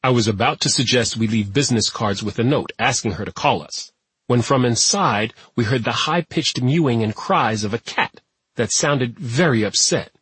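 Husky male audiobook narrator. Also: medium pitch, moderate pace, fairly bright tone, no echo. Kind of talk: scripted narration.

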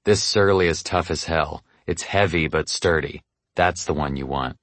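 A man's voice: a bass voice, moderate pace, a bit bright, no echo. A man voicing a blunt, curmudgeonly old bike mechanic in an audiobook story. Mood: gruff. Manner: blunt, practical advice.

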